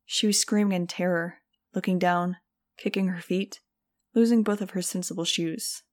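A woman narrating an audiobook in steady, even storytelling. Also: lowish voice, moderate pace, creaky. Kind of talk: scripted narration.

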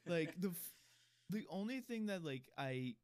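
This podcast co-host rambles through his anecdotes in easy conversation, leaning heavily on fillers. He speaks a bit slowly in a fairly high, expressive voice with a clean tone.

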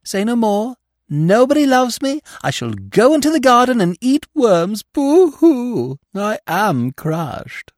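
A man's voice: high-pitched, sing-song, unhurried, no echo, voice pushed up. A cheeky young actress, chattering in slang and swooping up and down as she teases, as a man puts her on. The voice sits well above his usual register in a dry, close recording. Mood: mock-sulky. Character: brash, lively young actress, cheeky and teasing. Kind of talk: audiobook character reading.

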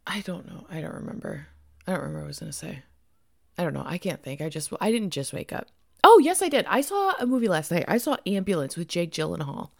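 A woman chatting on a podcast right after waking, her voice low with a gravelly fry. She rambles and giggles, swearing casually. The sound is close and dry. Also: very animated, quick pace, a little mellow, no room sound. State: just woken up, morning voice. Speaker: podcast co-host. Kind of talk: casual chat.

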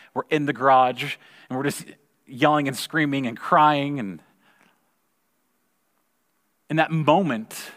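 A man in his forties giving a sermon, telling a personal story in a conversational way and repeating words when excited. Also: medium pitch. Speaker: pastor. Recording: long reverb of a large hall.

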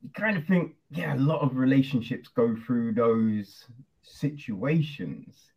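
A man's voice: medium pitch, lively intonation, a little slow, gravelly, breathy edge, dull audio. A man interviewing guests in a loose, chatty way, full of fillers. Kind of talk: casual interview chat.

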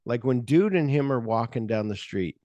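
A man co-hosting a podcast, casually retelling movie scenes with lively energy and jumping into high-pitched voices when he quotes characters. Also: normal speed, no echo, dull audio. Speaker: podcast co-host.

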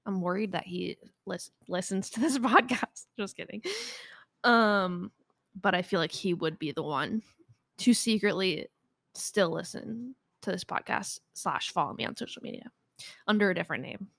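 A woman's voice: lowish voice, normal speed, creaky, fairly bright tone, no room sound. Chatty young woman podcast host. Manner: chatty, laughs often, lots of "like". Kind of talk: casual solo podcast storytelling.

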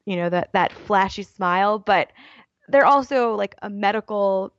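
A woman guest on a podcast, chatting casually and telling stories in a quick, self-deprecating way. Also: mid-range voice, no echo, muffled recording. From Baltimore area. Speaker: podcast guest, writer and YouTuber. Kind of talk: casual interview chat.

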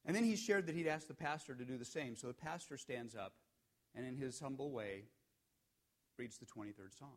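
A man preaching a sermon, telling a story and building to emphatic peaks before dropping to hushed, quiet lines. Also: mid-range voice. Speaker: pastor.

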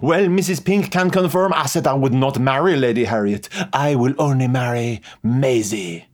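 A man's voice: medium pitch, normal speed, natural voice. An actor playing a dramatic, lovesick young Frenchman in an audio drama, declaiming his lines. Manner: melodramatic, declaiming.

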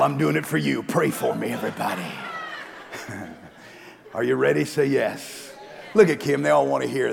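A man, a pastor, preaching a sermon to his church, shifting from hushed, joking asides to loud shouting. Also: fairly low pitch, creaky. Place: large church hall. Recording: long reverb of a church hall.

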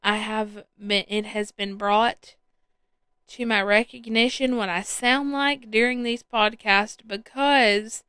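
A woman's voice: medium pitch, steady tone, takes it slowly, bright, forceful tone, clean tone, no room sound. A woman hosting her own podcast solo, chatting casually and rambling with plenty of ums and restarts. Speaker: podcast host. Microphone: headphones with a podcast mic.

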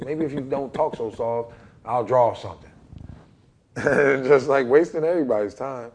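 A middle-aged basketball coach appears as a guest on a podcast, candidly telling his own story and acting out what others said. His mid-range voice has a darkish tone and moves at a moderate pace, with slight background noise.

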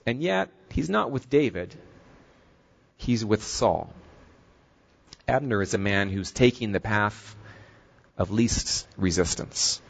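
A man preaching a sermon, earnest and steady, retelling a scripture story and drawing its lesson. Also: on the low side.

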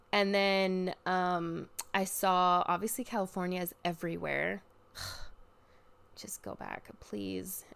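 A young woman ranting casually as a podcast host, swearing freely and bursting into loud outbursts. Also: on the low side, vocal fry, clear, resonant tone. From Oregon, US. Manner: animated, profane venting with sudden loud outbursts.

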